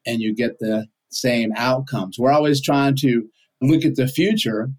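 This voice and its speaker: A man's voice: mid-range voice, a little slow, darkish tone. A man on a podcast, explaining ideas in a conversational way with everyday examples and frequent rhetorical questions. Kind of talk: casual explanatory chat.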